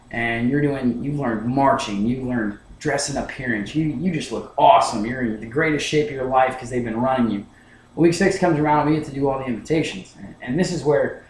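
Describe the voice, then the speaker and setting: A man's voice: mid-range voice, roomy sound, a little hiss or hum, rough recording. A young man giving a class speech, telling a personal story, often repeating words as he restarts his sentences. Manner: storytelling with many restarts, acts out his past self. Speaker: student speaker.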